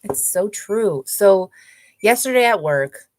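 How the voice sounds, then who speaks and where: A woman hosting a show, reading a book passage aloud slowly and then chatting casually with many fillers. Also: mid-range voice, lively intonation, a little mellow, no echo. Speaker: host.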